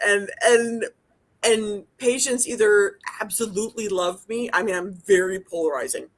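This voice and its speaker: A woman's voice: medium pitch, normal speed. A woman, a dental hygienist, chatting casually as a podcast co-host, blunt and profane, rambling with lots of restarts. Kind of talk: casual chat.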